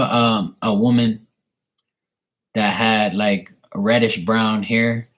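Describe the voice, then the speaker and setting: A man hosting a casual livestream, joking crudely and streetwise, then doing psychic readings for viewers, often trailing into hushed asides. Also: lowish voice, fairly even intonation, takes it slowly. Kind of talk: casual live-stream chat.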